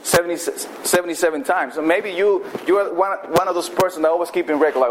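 A man preaching a sermon in a conversational way, often saying "I mean" and slowing down to stress key words. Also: sits high, slight background noise, low-quality recording. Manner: conversational, repeats "I mean", emphatic slowdowns. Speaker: pastor.

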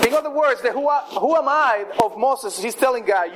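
A high-pitched man preaches a sermon in a loose, conversational way, retelling scripture as if chatting. His speech restarts often. A faint hiss of background noise sits under the recording. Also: quick pace, hardly any pauses, fairly bright tone, poor audio.

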